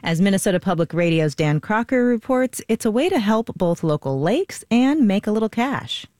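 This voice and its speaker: A woman host reading a scripted news report in a measured, even way. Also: mid-range voice, no room sound, clean studio sound.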